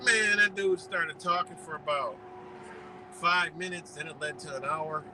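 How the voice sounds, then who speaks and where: A man hosting a live stream, telling a story in a loose, profane, animated way and laughing often. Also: on the high side, unhurried, noisy background. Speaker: livestream host.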